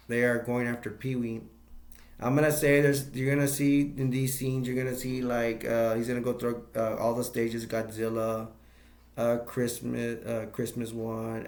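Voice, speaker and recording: A man retells a film's plot in a loose, halting way, stopping often to restart his sentences. His voice is gravelly with a creaky edge, and it rings around an echoey room. He sounds like a home video reviewer. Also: mid-range voice. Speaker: movie reviewer. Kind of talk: casual movie recap.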